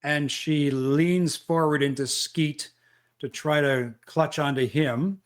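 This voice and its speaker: A man running a tabletop role-playing game as game master, describing the action with frequent pauses and fillers. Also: a little high, fairly even intonation. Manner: measured, thinking aloud with fillers.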